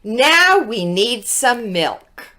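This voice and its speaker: A woman voicing a patient farm mother in a children's storybook, speaking calmly. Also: a little high, very slow, exaggerated voice.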